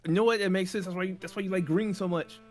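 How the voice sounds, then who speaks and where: A man's voice: high-pitched, steady tone, music in the background. A man hosting a casual podcast, trading blunt, swearing retorts with his co-host. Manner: blunt, profane, quick retorts. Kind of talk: casual crude banter.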